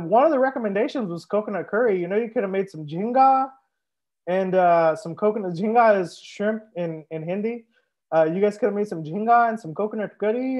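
Joking young sommelier on a livestream. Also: male voice, high voice, muffled recording. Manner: relaxed, joking, reads viewer comments aloud. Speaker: sommelier hosting a live wine tasting. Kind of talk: casual livestream chat.

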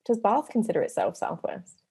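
A woman's voice: medium pitch, big pitch swings, moderate pace, mellow, husky. A woman from Cornwall hosting a podcast, friendly and teasing, laughing easily in casual conversation. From Cornwall, England. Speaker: podcast host. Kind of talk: casual interview chat.

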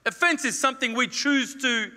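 High, bright pastor preaching. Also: male voice, moderate pace. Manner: emphatic, repeats phrases, acts out quoted lines. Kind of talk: sermon. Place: church hall. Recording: long reverb of a church hall.

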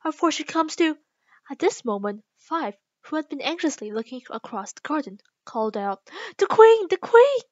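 A woman reading a children's book aloud slowly and carefully, with small restarts. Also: fairly high pitch, no room sound, lo-fi sound. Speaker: reader.

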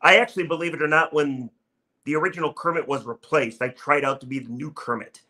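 Upbeat, bright-voiced male sports podcast host. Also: on the high side, steady tone, quick pace. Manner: upbeat, chatty, pushes listeners to subscribe. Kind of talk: sports talk monologue.

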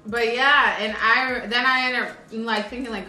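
A young woman co-hosting a couple's vlog, telling a personal story in a lively way and acting out what she said to herself. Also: a little high, normal speed. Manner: animated, acts out her own inner dialogue, many fillers. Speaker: co-host of a couple's channel. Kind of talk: casual storytelling chat. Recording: echoey room with faint music.

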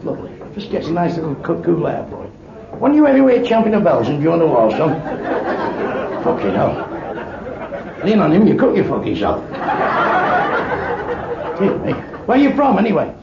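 A man's voice: fairly high pitch, very animated, moderate pace, vocal fry, pauses often. A man from England doing live stand-up, swearing crudely and insulting people in the audience. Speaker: stand-up comedian. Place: comedy club before a live audience. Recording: dull echoey live club recording with crowd laughter.

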